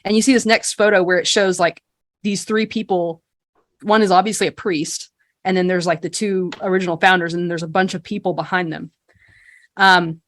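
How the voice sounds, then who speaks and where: A woman's voice: on the low side, steady tone, normal speed, a bit bright. Rambling woman game master. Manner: rambling, casual, many fillers. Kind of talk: narrating a tabletop game.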